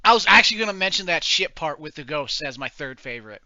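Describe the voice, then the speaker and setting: A man's voice: on the high side, no room sound. A man co-hosting a podcast, agreeing along and searching for words as he chats about a movie. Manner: relaxed, agreeable, halting with fillers. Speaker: podcast co-host. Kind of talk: casual movie discussion. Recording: dull, dry lo-fi mic.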